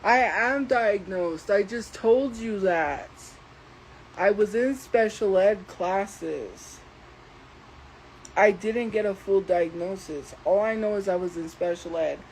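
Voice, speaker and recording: A woman's voice: mid-range voice, slow pace, darkish tone, a little hiss or hum, poor audio. A woman hosting a livestream, talking back to her chat in a defensive, exasperated rant. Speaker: livestream host. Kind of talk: casual livestream ranting.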